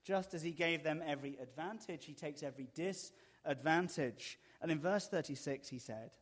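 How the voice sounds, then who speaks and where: A man delivers a sermon to his church, his voice sitting a little high. He moves between dry, mocking humor and emphatic repetition. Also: normal speed. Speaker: preacher.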